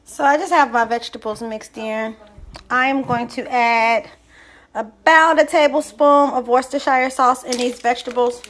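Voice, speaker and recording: A woman's voice: on the high side, fairly even intonation, moderate pace, fairly bright tone, slight background noise, poor audio. A woman hosting a home cooking video, chatty and explaining each step as she cooks in her kitchen. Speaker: cooking show host. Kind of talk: casual cooking demonstration.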